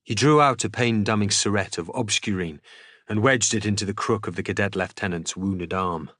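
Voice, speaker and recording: A man reading a novel aloud in an expressive, dramatic audiobook style as a streamer. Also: on the low side, normal speed, no room sound, studio quality.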